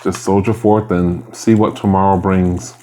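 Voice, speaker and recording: A man with a very low voice chats casually at home while eating on camera. He rambles and sounds mildly aggrieved, pausing between bites, with a faint hiss of noise under him. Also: flat delivery, mellow. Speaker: mukbang vlogger.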